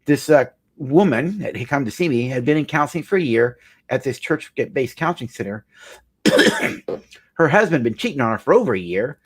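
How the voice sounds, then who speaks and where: Man, middle-aged, marriage counselor, husky voice, very lively pitch, earnest emphatic storytelling. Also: normal speed. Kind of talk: storytelling talk.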